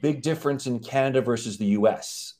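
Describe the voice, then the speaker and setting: A man's voice: medium pitch, brisk, darkish tone. Emphatic man explaining rules. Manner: emphatic, acts out quoted exchanges. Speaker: guest, company CEO. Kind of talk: explaining live-stream chat.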